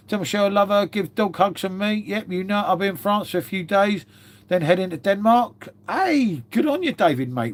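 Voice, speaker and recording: A rambling, matey man on a live stream. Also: high-pitched. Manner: matey and rambling, calls everyone mate, swears freely. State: unwell with a cough. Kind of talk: casual live-stream chat reading viewer comments.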